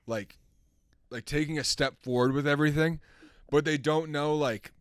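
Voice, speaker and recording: A man's voice: a little high, fairly even intonation, moderate pace, no room sound, studio quality. A man co-hosting a casual podcast, joking and bantering and laughing often. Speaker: podcast co-host.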